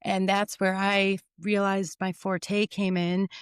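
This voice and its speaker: Woman host, smooth resonant voice, dry close mic, reflective and affirming. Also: mid-range voice, level tone, slow, no echo. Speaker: podcast host. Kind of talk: conversational interview.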